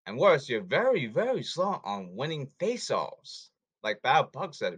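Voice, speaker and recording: A man's voice: medium pitch, big pitch swings, a little slow, fairly bright tone, slightly rough. A man hosting a sports podcast who talks in a blunt, hectoring way and repeats himself, in a casual commentary monologue.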